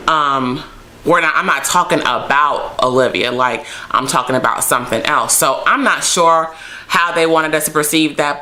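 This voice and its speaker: A woman's voice: deep voice, pushed and bright. A young woman reviewing a TV episode in a chatty, playful vlog, acting out bits of dialogue. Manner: chatty, playful, acts out characters' lines. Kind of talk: casual recap vlog.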